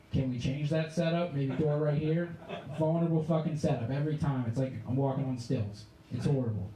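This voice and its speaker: A man's voice: a little high, warm tone, reverberant, a little hiss or hum, low-quality recording. A man in his twenties from the Pittsburgh area performing a sarcastic, ranting stand-up set. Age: 20s. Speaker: stand-up comedian. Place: comedy club stage.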